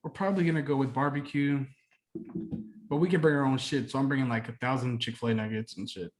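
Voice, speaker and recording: A young man co-hosting a podcast, telling stories in a profane, animated way during casual chat. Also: mid-range voice, fast. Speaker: podcast co-host.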